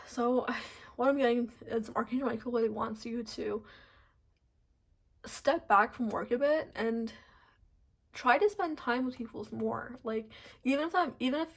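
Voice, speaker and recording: A woman giving a casual pick-a-card tarot reading, soft and rambling with many fillers, teary and choked up. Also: a little high, measured pace, vocal fry, breathy edge. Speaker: tarot reader.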